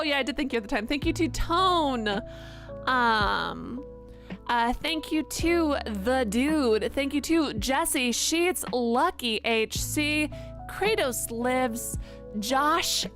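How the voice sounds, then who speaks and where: A young woman live streamer chatting casually at the end of a stream, rambling with lots of fillers and self-mocking asides. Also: high-pitched. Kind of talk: casual stream sign-off chat. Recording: music playing behind.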